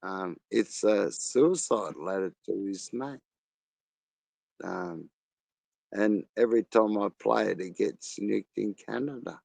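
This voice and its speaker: A man's voice: fairly low pitch, takes it slowly, creaky, darkish tone, no room sound. A man with an Australian accent hosting a casual live chat, crude and rambling, laughing often. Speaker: live stream host.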